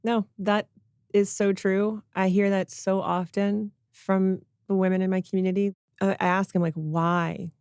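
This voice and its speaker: A woman's voice: medium pitch, level tone, moderate pace, dark tone, clear, resonant tone, no room sound, clean studio sound. A woman speaking as a podcast guest and coach, talking casually and emphatically, with an encouraging tone. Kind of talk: casual conversational chat.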